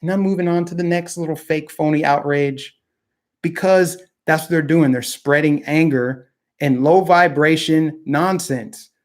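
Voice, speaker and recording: Heated, higher-voiced man ranting. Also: steady tone, a little slow. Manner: heated, indignant, mocking voices of opponents. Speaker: political commentary host. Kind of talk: casual opinion monologue.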